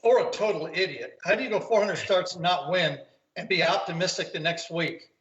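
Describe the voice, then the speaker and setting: A man's voice: high voice, fairly quick, fairly bright tone. An older man, a golf commentator, telling rambling anecdotes in a casual interview over a video call from home. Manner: rambling anecdotes, acts out quoted voices. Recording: roomy, dull video-call audio.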